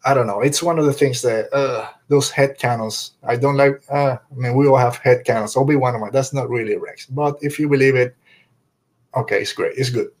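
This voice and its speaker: A man co-hosting a podcast, talking casually and enthusiastically, rambling and slipping into quick impressions of characters. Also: medium pitch, steady tone. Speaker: podcast co-host. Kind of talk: casual fan review chat.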